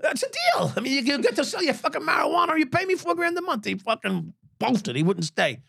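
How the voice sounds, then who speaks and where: A man's voice: very high voice, big pitch swings, fast, gravelly, fairly bright tone, no echo. A man in his sixties, a former police officer, telling stories as a podcast guest, swearing freely and laughing at his own tales. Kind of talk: profane storytelling in an interview.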